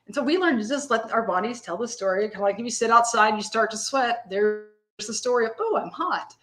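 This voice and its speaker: A woman's voice: on the high side, quick pace, over music. A woman in her fifties in casual live-stream podcast talk, rambling and conversational, often laughing. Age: 50s.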